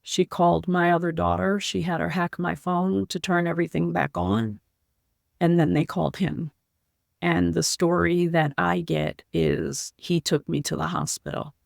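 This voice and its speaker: A woman shares her own story as a podcast guest, speaking earnestly and from the heart. She talks in short, halting phrases with a strong gravelly fry running through her voice. The sound is dry and close, with no room around it. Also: fairly low pitch, steady tone, no room sound. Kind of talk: personal story told in an interview.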